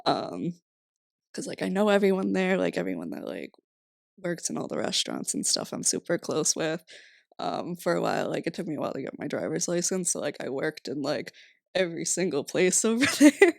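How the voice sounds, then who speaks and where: A woman's voice: on the low side, big pitch swings, fairly quick, gravelly, dry recording, clean studio sound. A young woman in her twenties from Rhode Island, chatting casually as a podcast guest, laughing often and saying "like" a lot. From Rhode Island, USA. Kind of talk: casual interview chat.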